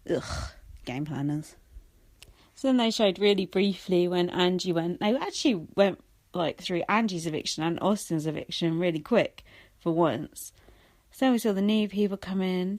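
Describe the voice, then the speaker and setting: A young woman hosts her own podcast and riffs alone on reality television. She is sarcastic and swears freely, laughing between points. Her voice sits fairly low for a woman. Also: darkish tone. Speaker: podcast host. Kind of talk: casual solo commentary.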